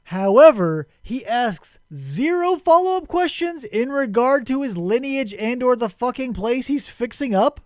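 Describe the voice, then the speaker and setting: A male podcast host talking in a rambling, sarcastic way and swearing freely. His voice is fairly high and very animated, with big swings in pitch. The sound is dry and close to the mic. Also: measured pace, hardly any pauses, dry recording. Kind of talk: casual chat, retelling a story.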